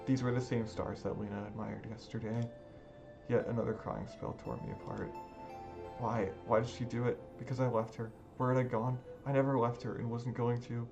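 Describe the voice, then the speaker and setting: A man's voice: mid-range voice, level tone, moderate pace, creaky, muffled recording. A man reading a visual novel aloud in a dramatic, emotional first-person narration over background music. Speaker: gaming video creator. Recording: music playing underneath.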